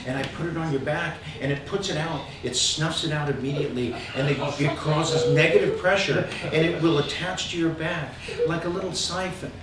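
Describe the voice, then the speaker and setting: A man voicing a calm, soft-spoken woman healer in a hushed, low, drawn-out manner. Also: lightly acted. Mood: serene. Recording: echoey, distant club recording with loud audience noise.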